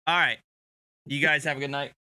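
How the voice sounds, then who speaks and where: A man chatting on his stream in a relaxed, joking way after a few beers. His voice is bright and clean, and the room sounds dry and close. He sits near the mic. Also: a little high, brisk, no room sound. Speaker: streamer host. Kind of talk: casual live-stream chat.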